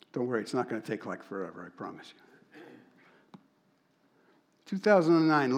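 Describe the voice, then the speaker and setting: A man preaching to a congregation, telling a story and acting out the dialogue with lively, animated delivery. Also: medium pitch. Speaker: church speaker.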